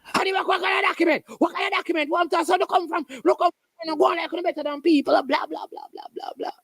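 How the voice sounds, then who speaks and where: A host mimicking a sassy, dismissive female office clerk in a high, mocking, exaggerated voice. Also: fairly even intonation, quick pace, fairly bright tone, no room sound. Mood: scornful.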